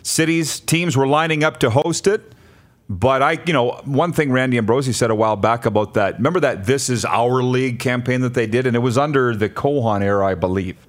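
Guy hosting sports talk radio, chatty and rhetorical, mid-pitched voice. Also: fairly quick. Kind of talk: casual sports radio chat.

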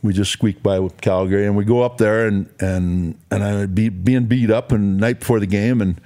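A man, a former pro football player chatting on a talk show and telling stories in a rambling, halting way full of fillers. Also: lowish voice, fairly even intonation, mellow. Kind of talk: casual storytelling chat.

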